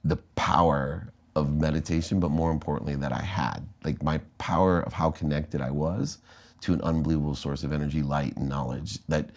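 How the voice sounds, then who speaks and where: A man's voice: very deep voice, fairly even intonation, brisk. A middle-aged American man, a guest in an interview, telling his life story with energy and acting out the voices of people he quotes. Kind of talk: candid storytelling in conversation.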